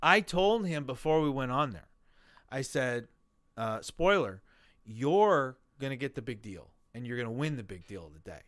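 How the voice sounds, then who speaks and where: A man telling his own story in a casual interview, animated and acting out the voices of people he quotes. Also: medium pitch, moderate pace. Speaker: guest telling his weight-loss story.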